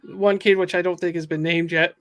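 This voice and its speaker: A man's voice: sits high, little pitch movement, a little fast, fairly bright tone. A man casually reading through a comic book on a podcast, with amused asides. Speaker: podcast host.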